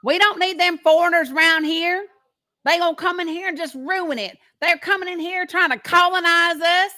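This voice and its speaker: A smug, flag-waving Southern patriot, put on by a woman in a high, twangy drawl. The voice sits well above her usual pitch, puffed up and defensive, with a Southern American accent. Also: fairly even intonation, moderate pace, sharp tone. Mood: suspicious.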